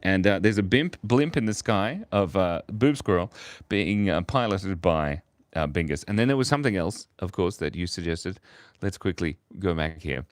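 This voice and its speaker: Aussie guy streaming while he draws, low-ish voice but bouncy, dry close sound. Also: animated, moderate pace, no room sound. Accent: Australian. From Australia. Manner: playful, reads viewer comments aloud, laughs often. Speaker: livestream artist. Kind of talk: casual livestream drawing chat.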